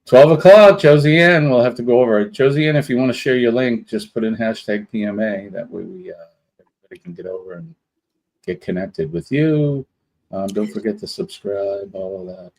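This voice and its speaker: A man's voice: mid-range voice, expressive, a little fast, vocal fry, a little mellow, rough recording. A man hosting a casual live stream, greeting viewers one by one in a rambling, chatty way. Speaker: livestream host.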